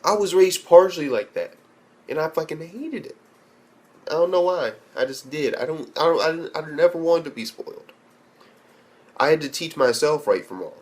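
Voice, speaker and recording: A young man rants through an anime review in a voice on the high side, animated and at normal speed. He's blunt and swears heavily, rambling and restarting his thoughts.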